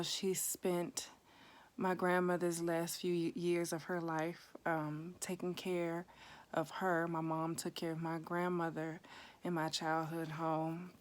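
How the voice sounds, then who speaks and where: Woman, 30s, low voice, unhurried candid testimony, rises into emphatic outbursts. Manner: candid, conversational, bursts of raised intensity. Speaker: vlogger telling her story.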